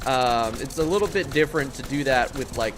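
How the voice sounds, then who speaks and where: A man's voice: medium pitch, expressive, a little fast, background noise. A man streaming a video game live, talking to chat in a profane, exasperated rant. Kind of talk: live gaming stream commentary.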